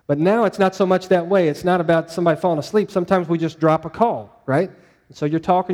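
A man's voice: high voice, steady tone, fast, darkish tone, big-room sound. A male pastor preaching a sermon in a conversational way, putting questions to his congregation.

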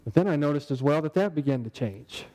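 A man's voice: fairly high pitch, expressive, quick pace, dark tone, big-room sound, rough recording. A man preaching a sermon in a conversational way, asking the congregation rhetorical questions. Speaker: pastor.

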